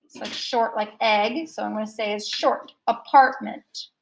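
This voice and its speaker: A woman's voice: medium pitch, steady tone, moderate pace, vocal fry, a little hiss or hum, low-quality recording. A woman teaching a recorded phonics lesson, patiently modeling sounds and asking the listener to repeat after her.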